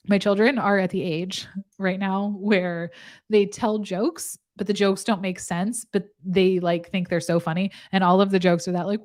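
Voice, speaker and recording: A woman's voice: on the low side, steady tone, normal speed, darkish tone. A woman nurse practitioner chatting casually with her viewers. She is talkative and laughs often in the middle of her sentences. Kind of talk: casual live chat with viewers.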